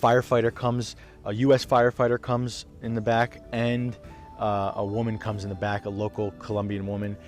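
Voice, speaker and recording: A young man telling a raw, emotional story to camera as a vlogger, swearing freely, dropping to a hush and then rising loud. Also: fairly low pitch, completely flat delivery, normal speed, faint music behind.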